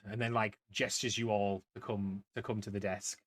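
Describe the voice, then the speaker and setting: A man's voice: fairly low pitch, flat delivery, moderate pace. A man from the UK narrating a tabletop game as game master, rambling with many fillers and restarts.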